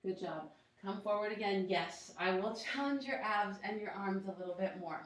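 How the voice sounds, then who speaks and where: A woman leading a yoga class, encouraging her students with steady step-by-step cues and countdowns. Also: medium pitch, normal speed. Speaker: yoga instructor. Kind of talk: guided workout instruction. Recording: very echoey room, voice from far off.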